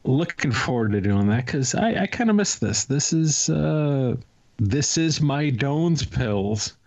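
Guy co-hosting a podcast, jokey and chatty, regular voice, mid pitch. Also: lively intonation, takes it slowly, creaky, a little mellow. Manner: joking, chatty, self-deprecating. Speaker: podcast co-host. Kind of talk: casual podcast chat.

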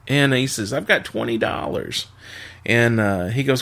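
A man's voice: mid-range voice, moderate pace, vocal fry. A man in casual chat, telling a long dirty joke and laughing at his own punchlines. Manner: laughs at his own jokes, animated storytelling.

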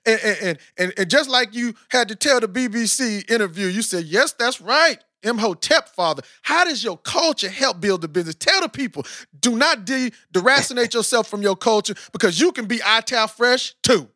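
High, bright-voiced American man hosting. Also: fairly quick, dry recording, studio quality. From United States. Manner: animated and talkative, with frequent fillers. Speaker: podcast host interviewing a guest. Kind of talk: casual chat.

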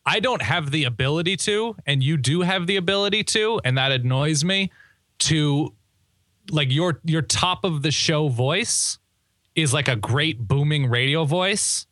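A man's voice: fairly high pitch, animated, a little slow, a bit bright, dry recording, clean studio sound. A young man co-hosting a sports podcast, chatting casually in a joking, rambling way and often restarting his sentences. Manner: joking, rambling, self-correcting. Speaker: podcast co-host. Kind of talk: casual chat.

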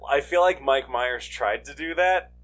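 A man with a bright, edgy voice trades wry jokes while discussing a film on a podcast. A faint hiss sits under his voice. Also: medium pitch, measured pace. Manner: wry, joking quips. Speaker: podcast co-host. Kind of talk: casual movie chat.

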